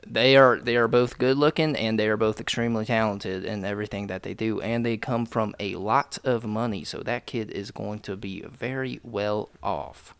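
A man's voice: on the low side, normal speed, creaky, hardly any pauses, fairly bright tone, clear, resonant tone, dry recording. A young man hosting a podcast, chatting casually and jokingly with plenty of swearing and fillers. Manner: loose, joking, profane, lots of fillers. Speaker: podcast host. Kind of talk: casual chat.

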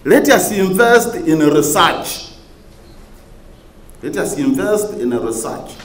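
Animated man speaking in an echoey hall. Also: mid-range voice, slight background noise. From Uganda. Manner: oratorical, repeats key phrases for emphasis, rising to emphatic peaks. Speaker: government minister giving a conference speech. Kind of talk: public speech to a conference audience. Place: large conference hall.

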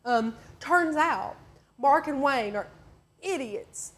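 A woman co-hosting a live crafting stream, telling stories in a chatty way with quick asides. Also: sits high, expressive, fairly bright tone. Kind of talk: casual chat.

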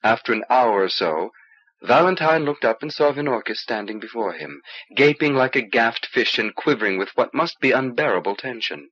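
Husky male audiobook narrator, old cassette. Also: mid-range voice, animated, normal speed, fairly bright tone. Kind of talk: scripted narration. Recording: dull old cassette recording.

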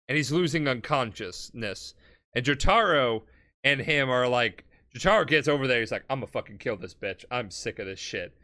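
A tipsy man rattles through a cartoon plot with a bright, forceful voice, swearing freely and jumping into the characters' lines. His pitch sits in the middle range, and he sounds loose and a little slurred. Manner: loose, sweary, acts out characters in quick snippets. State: drunk. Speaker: podcast co-host explaining an anime plot. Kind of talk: rambling comedic plot recap.

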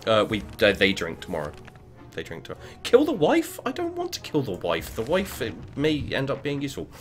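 A man commentating a game as he plays, swearing often and bursting into yells and chanted words. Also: on the low side, huge pitch swings, fairly quick, faint music behind. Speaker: gaming video creator. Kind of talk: let's play commentary.

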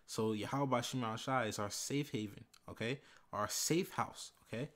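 A man giving a casual bible lesson, reading verses slowly and with emphasis, tagging phrases with "man" and "all right". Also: medium pitch. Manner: reads scripture slowly and loudly, fillers like "man" and "all right". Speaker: bible teacher.

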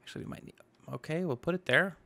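Fast and pushed, his slightly high voice comes across bright. The man is a gaming YouTuber chatting casually over his own gameplay for a let's-play, thinking out loud and throwing in exclamations.

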